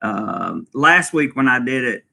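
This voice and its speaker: A man's voice: mid-range voice, big pitch swings, unhurried, vocal fry, bright, forceful tone. A man hosting a casual live vlog, reading out viewer comments and rambling with lots of fillers. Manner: rambling, many fillers, chuckles often. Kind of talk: casual live-stream chat.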